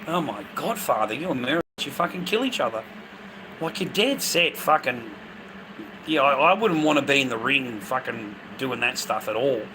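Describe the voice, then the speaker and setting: An Australian man in a profane, rambling casual chat to viewers, breaking into loud bursts. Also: mid-range voice, lively intonation, moderate pace, noisy background.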